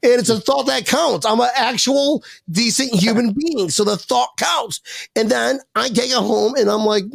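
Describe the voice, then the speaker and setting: A man hosting a casual sports podcast, joking loudly and swearing as he acts out little scenes. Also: very high voice, moderate pace, creaky, no echo. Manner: loud, joking, swears a lot, acts out bits. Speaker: podcast host. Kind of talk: casual chat.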